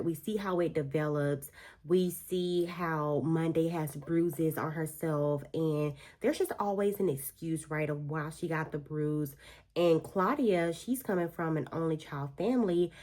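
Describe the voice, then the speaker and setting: A woman's voice: on the low side, a little mellow. A woman vlogger chatting through a book review while doing her makeup, telling the story expressively with slangy asides.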